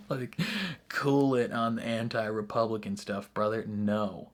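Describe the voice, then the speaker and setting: A man's voice: fairly low pitch, normal speed. A young man hosting a reaction video, talking casually and earnestly about a show's finale, with laughs and fillers along the way. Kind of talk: casual post-episode discussion.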